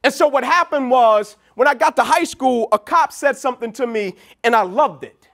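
A man's voice: extremely high pitch, moderate pace, vocal fry. A man giving a motivational keynote speech, telling stories and acting out what people said. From Atlanta, USA. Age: young adult. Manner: storytelling, animated, quoting people in dialogue. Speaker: keynote speaker. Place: large event venue.

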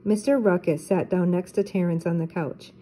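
Mellow older woman reading a storybook. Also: lowish voice, steady tone, normal speed, husky, poor audio. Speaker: teacher reading aloud. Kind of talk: children's book read-aloud.

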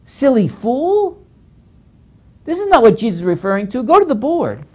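A man teaching scripture as a pastor, with a lively voice that swings widely up and down. He talks emphatically, scolds now and then, and repeats phrases as he works through each point. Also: very high voice, quick pace. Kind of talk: Bible teaching lecture.

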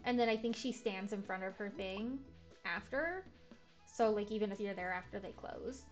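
A woman's voice: medium pitch, moderate pace, faint music behind. A young woman streaming a game, chatting casually, full of filler words and jokey asides. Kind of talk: casual let's-play commentary.

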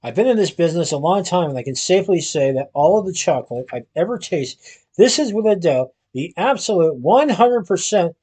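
A man's voice: high voice, expressive, brisk, warm tone, breathy edge. A man voicing a smug, scornful rival male chocolatier who speaks in a condescending tone. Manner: condescending, smirking.

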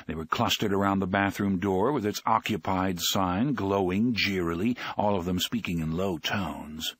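Man, audiobook narrator, low husky voice, lively pitch, dry close sound. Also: moderate pace, hardly any pauses, no room sound.

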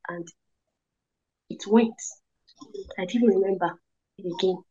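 A woman's voice: mid-range voice, slow, long pauses, husky. Woman telling her story. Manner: animated storytelling, acts out quoted voices. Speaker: interview guest. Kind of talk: testimony interview. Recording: dull lo-fi audio.

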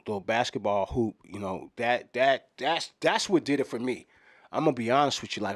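A man's voice: lowish voice, dry recording, clean studio sound. A middle-aged man in a rambling parody press conference, drifting off topic and saying "you know what I'm saying" over and over. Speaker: comedian doing a mock fan press conference. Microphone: microphones in front of him at a podium.

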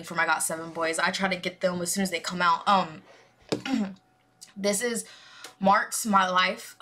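A woman's voice: lowish voice, pushed and bright. A young adult woman who hosts a music reaction channel, chatting casually in a rambling, gushing way with lots of fillers.

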